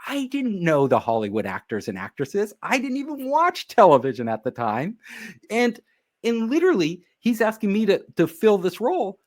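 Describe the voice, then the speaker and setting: Animated man telling a story. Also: sits high, moderate pace. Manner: animated, acts out quoted dialogue. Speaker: interview guest. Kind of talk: storytelling in a casual interview.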